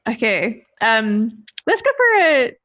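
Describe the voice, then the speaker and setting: Woman player at a tabletop game, slightly high voice, upbeat, thinks out loud. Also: very animated, slow pace, dull audio. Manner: upbeat and chatty, thinking aloud. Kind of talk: casual tabletop game chat.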